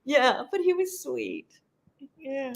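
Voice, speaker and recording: Chatty woman telling lively showbiz stories. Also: high-pitched, takes it slowly. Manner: chatty, animated storyteller who laughs often. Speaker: actress guest. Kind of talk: casual interview chat.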